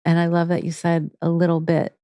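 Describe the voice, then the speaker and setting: Female interview guest, warm and earnest, dry close sound. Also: lowish voice, completely flat delivery, a little fast, no echo. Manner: earnest, with frequent restarts. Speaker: guest, integrative therapy teacher. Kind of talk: casual interview talk.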